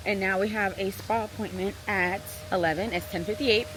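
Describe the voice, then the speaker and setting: A young woman vlogging casually, gushing and excited as she shows around. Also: mid-range voice, moderate pace, music in the background. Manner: bubbly, gushing. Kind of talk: casual vlog narration.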